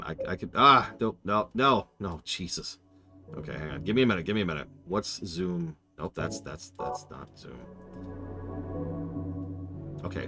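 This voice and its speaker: A man casually commenting on a horror game during a live stream, rambling, interrupting himself and answering his chat. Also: low-pitched.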